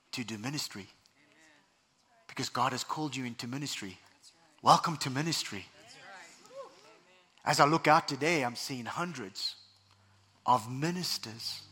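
Bright-voiced preaching man. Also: medium pitch, husky. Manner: animated preaching, mimicking voices. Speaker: pastor. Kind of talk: sermon.

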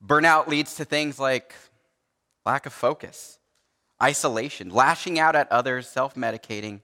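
A male pastor delivers a relaxed, conversational sermon, filling his sentences with small fillers and voicing the people in his stories. His voice is bright and forward, and it carries through the long reverb of a large church hall. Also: mid-range voice, normal speed. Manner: conversational, uses many fillers and acts out quoted dialogue.

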